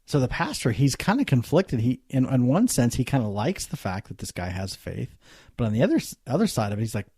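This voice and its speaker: A man's voice: mid-range voice, big pitch swings, brisk, darkish tone, slightly rough, dry recording, clean studio sound. A man hosting a podcast, casually retelling a story in a conversational way. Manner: conversational, many fillers and restarts. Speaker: podcast host.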